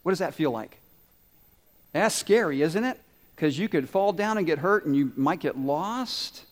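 A fairly high-voiced man gives an animated children's sermon. He quizzes the kids and fills in their answers, sometimes rising to bursts and sometimes dropping low. A long hall reverb trails after his words. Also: unhurried. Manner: animated, asks children questions and answers for them. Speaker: pastor.

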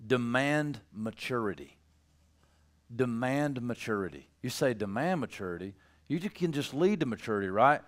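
A pastor preaches a sermon in a mid-range, expressive voice at normal speed. He tells stories about his children, laughs at his own tales, and builds up to loud emphasis.

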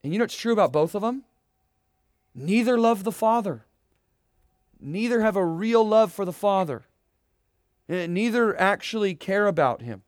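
A young man delivers a sermon in an earnest, emphatic way, firing rhetorical questions at his listeners. His voice sits fairly high for a man. The sound is dry and close, with little room around it. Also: animated, moderate pace, pauses often, dry recording. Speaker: pastor.

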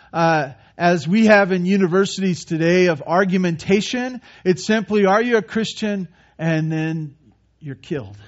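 An earnest male pastor delivers a sermon in a slightly high voice, stammering on repeated words as he builds to loud emphasis and then drops to quiet reflection. The recording is dull and lo-fi, like a church sermon tape.

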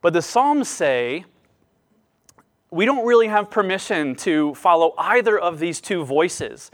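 Pastor, male, high voice, expressive sermon delivery with lively swings in tone. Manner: expressive preaching, lively rises and drops.

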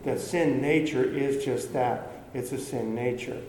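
A man's voice: medium pitch, unhurried, a little mellow, a little hiss or hum. A man preaching a sermon in an earnest, conversational way, often restarting phrases and acting out quoted voices. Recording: echoey hall with faint ambience.

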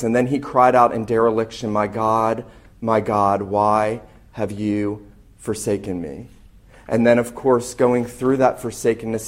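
A pastor in his thirties, a man, preaching a sermon in an earnest, emphatic way, slowing down to stress key phrases. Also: medium pitch.

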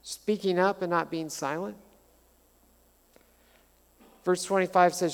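A middle-aged man preaching a sermon as pastor, conversational and animated, telling stories with touches of humor. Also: high voice, slow, long pauses, clear, resonant tone. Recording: long hall reverb.

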